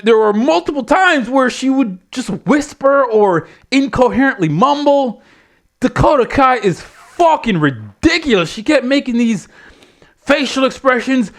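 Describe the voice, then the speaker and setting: Man, high voice, wrestling reviewer, profane rant, blunt and exasperated. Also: a bit bright. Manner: blunt, exasperated, swears constantly.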